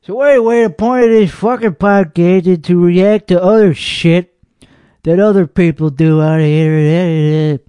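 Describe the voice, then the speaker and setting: A man's voice: high-pitched, moderate pace, mellow, clear, resonant tone, dry recording, close to an everyday voice. A man playing a foul-mouthed hothead comedian. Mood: angry ranting. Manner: profane ranting, rambling and belligerent. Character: hot-headed, foul-mouthed, boastful male comedian host. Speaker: podcast host. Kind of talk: comedic character monologue.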